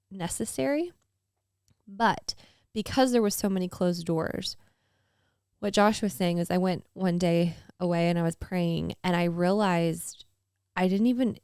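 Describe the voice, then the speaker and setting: A woman in her thirties co-hosts a faith podcast, speaking candidly, earnestly, and ramblingly with lots of fillers. Her mid-range voice is a little mellow, with a gravelly, fry-laced texture. The recording sounds dry and close.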